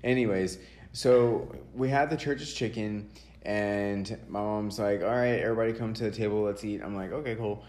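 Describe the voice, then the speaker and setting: Low-voiced, profane young man telling stories. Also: normal speed. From Texas. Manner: profane, animated storytelling. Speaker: podcast host. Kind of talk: casual podcast chat.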